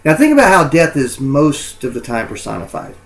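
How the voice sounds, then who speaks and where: A man's voice: on the high side, huge pitch swings, fairly quick, poor audio. Man lecturing with many ums. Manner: lots of ums and uhs, self-correcting. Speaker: college English instructor. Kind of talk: recorded lecture.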